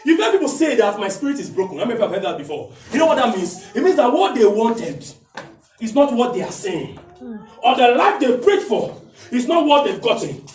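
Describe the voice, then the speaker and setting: A man with a Nigerian accent preaching a sermon, shouting key lines and slowing down to stress them. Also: very high-pitched, sing-song, roomy sound, distant mic. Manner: impassioned preaching, shouts and slows down for emphasis. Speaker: pastor.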